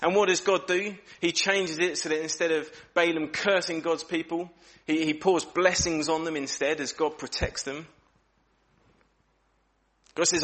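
A man delivers a sermon in a fairly high voice. He acts out rhetorical questions with animated pitch swings, then drops low and quiet for serious points. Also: a little slow. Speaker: preacher.

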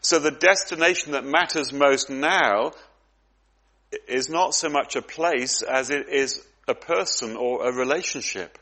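A man's voice: medium pitch, measured pace, bright, forceful tone. A man preaching a sermon, earnest and reflective, often repeating words as he goes.

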